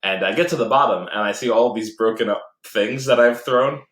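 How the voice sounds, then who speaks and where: A man with a lowish, slightly bright voice co-hosts a casual podcast about games and movies, talking briskly. He tells a long gaming story packed with fillers, restarts and laughter, recorded at home with a roomy echo.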